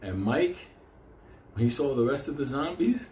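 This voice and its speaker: A show host tells a comic story, animated and laughing in bursts, with heavy swearing throughout. His medium-pitched voice sits in a middle register and moves at a moderate pace. The room has a noticeable echo and faint ambience, plus a little hiss or hum.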